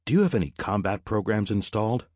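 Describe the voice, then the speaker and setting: A narrator puts on a cocky male smuggler, reckless and mocking, who smirks through every line. His voice is deep, a little raised and lively in pitch. The audiobook sound is dry and close. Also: fast, no echo.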